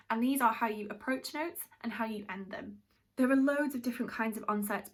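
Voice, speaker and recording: A woman from Britain, teaching a musical theatre masterclass in a chatty, explanatory way. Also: mid-range voice. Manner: chatty, explanatory, self-aware. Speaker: drama teacher.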